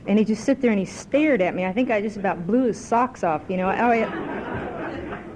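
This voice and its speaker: A woman's voice: mid-range voice, normal speed, darkish tone, a faint crowd, slight background noise, poor audio. A woman speaking at a recovery meeting, a chatty, self-mocking storyteller who tells a joke. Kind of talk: personal recovery talk with a told joke. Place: club meeting room.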